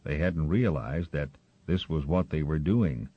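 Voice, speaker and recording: A man narrating a storybook in an expressive storytelling manner, on a slightly muffled recording. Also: extremely low pitch, unhurried, husky. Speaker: audiobook narrator. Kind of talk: scripted narration.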